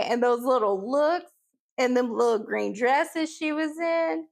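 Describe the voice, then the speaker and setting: Woman, casual review chat, high pitch, gravelly fry, animated, jumps up in pitch for quotes. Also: unhurried. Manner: animated, big pitch jumps when quoting characters; talks straight to her pets between points. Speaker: TV episode reviewer.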